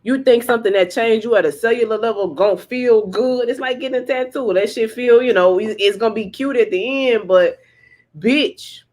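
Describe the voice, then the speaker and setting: A woman's voice: on the high side, moderate pace, a little mellow. A woman giving a casual tarot reading on a livestream, rambling and profane, laughing often and repeating herself for emphasis. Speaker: tarot reader.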